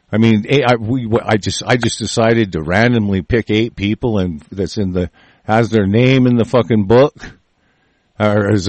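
A man's voice: fairly low pitch, darkish tone, dry recording. A man rants into the mic in a furious, profane tirade, swearing at every turn and tripping over his own words. The sound is completely dry, with no room behind it. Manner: angry, crude, swearing constantly, repeats and restarts. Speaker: show host. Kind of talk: profane political rant.

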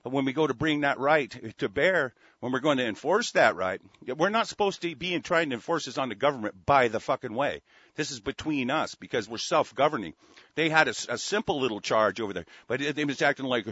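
A man's voice: mid-range voice, lively intonation, a little fast, a bit bright, breathy edge, dry recording. A man hosting a talk radio show, ranting furiously with heavy swearing and many stumbling restarts. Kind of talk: angry call-in radio rant. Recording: dry, dull lo-fi studio sound.

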